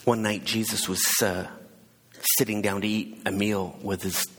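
A man's voice: fairly low pitch, flat delivery, moderate pace, a bit bright, breathy edge. A man preaching, casually retelling a story with hesitations and asides. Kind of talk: conversational sermon storytelling. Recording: long hall reverb.

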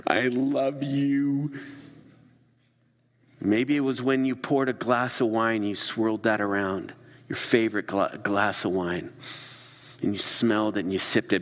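A middle-aged man preaching a sermon, telling stories with animated delivery and dropping into quiet whispered asides. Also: on the low side. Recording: long reverb of a large hall.

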